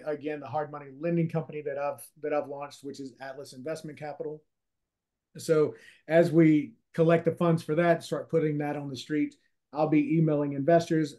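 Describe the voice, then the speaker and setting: A man as a podcast guest, talking in a relaxed, conversational way. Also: on the high side. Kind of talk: casual interview talk.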